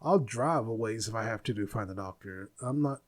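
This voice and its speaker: A man's voice: lowish voice, fairly quick. A man in his forties hosting a podcast, venting bluntly in a casual monologue. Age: 40s. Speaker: podcast host.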